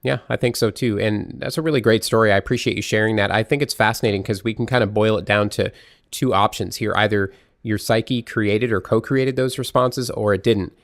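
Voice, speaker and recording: A man hosting a podcast interview, asking questions in a friendly, relaxed way. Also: fairly low pitch, a little fast, no echo, clean studio sound. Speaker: podcast host. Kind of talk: casual interview chat.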